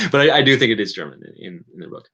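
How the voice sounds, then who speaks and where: With a fairly low voice that's bright and forceful, edged with breathiness, a Canadian livestream host chats casually. He wanders, hesitates, corrects himself and restarts often, leaning on many fillers, all in lo-fi sound.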